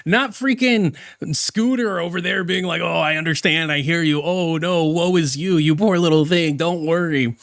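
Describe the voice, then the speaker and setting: A man's voice: fairly high pitch, a bit bright, dry recording, clean studio sound. Casual reaction commentator man. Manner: casual, rambling, profane.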